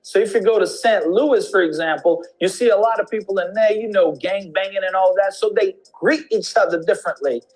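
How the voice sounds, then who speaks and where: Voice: medium pitch, a little fast, few pauses, darkish tone, low-quality recording. An English teacher in an instructional video lesson, demonstrating slang greetings with repeated examples.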